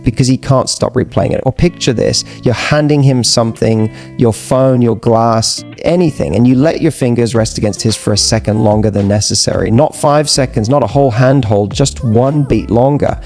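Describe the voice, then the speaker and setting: A man giving scripted dating advice narration in a measured, persuasive way with emphatic repetition. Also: medium pitch, darkish tone, faint music behind.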